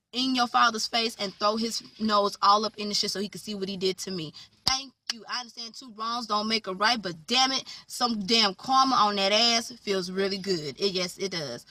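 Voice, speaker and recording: A woman recapping a TV episode in casual chat, animated and sassy, talking back to the characters. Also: mid-range voice, no room sound, recorded from a distance. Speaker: TV recap vlogger.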